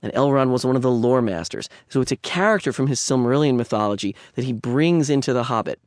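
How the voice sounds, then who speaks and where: A man's voice: medium pitch, lively intonation, quick pace, a little mellow, no room sound, clean studio sound. A man lecturing on literature in a conversational way, with digressions and wry asides.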